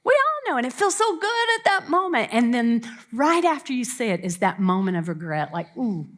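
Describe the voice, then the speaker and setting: A woman's voice: on the high side, big pitch swings, fairly quick, fairly bright tone. A woman in her fifties telling earnest, self-deprecating stories about marriage to a camp audience. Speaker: family camp speaker. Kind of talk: warm personal talk to an audience.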